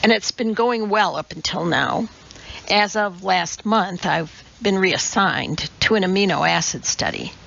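A woman's voice: medium pitch, unhurried, vocal fry, a bit bright, highs cut off, heavily acted. A woman reading an audiobook, voicing a composed, matter-of-fact female chemist. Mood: cool. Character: calm, precise female chemist.

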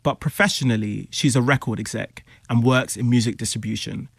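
A male narrator reading scripted narration in a measured, informative way, as a studio voice-over. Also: mid-range voice, steady tone, vocal fry, slightly rough, no echo.

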